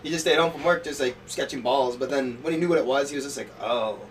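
Fast-talking laughing storyteller man. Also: mid-range voice, far from the mic, crowd noise. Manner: rambling storyteller, laughs often, says "like" a lot. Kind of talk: casual chat. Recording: noisy room, voice a bit off-mic.

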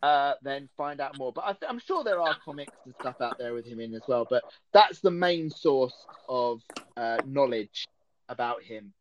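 A man's voice: medium pitch, lively intonation, normal speed, lo-fi sound, slight background noise. A man with an Essex accent hosting a podcast in casual chat, playful and laughing often. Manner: giggly, playful, frequent laughter. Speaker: podcast host. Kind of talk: casual live-stream chat.

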